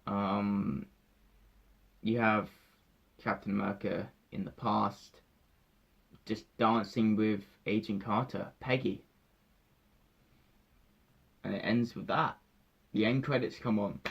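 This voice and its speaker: A young man, giving an emotional, halting spoiler review of a film that often repeats itself. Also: on the low side, fairly even intonation, vocal fry, breathy edge. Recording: dull lo-fi sound.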